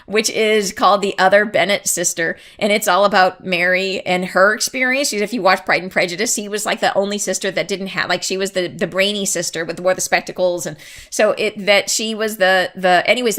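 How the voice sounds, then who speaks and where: Woman, podcast host; chatty and excitable, loose spiritual talk, prone to tangents. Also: mid-range voice, fairly quick. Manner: chatty, rambling, goes off on tangents; laughs often, excitable. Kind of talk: casual spiritual talk to listeners.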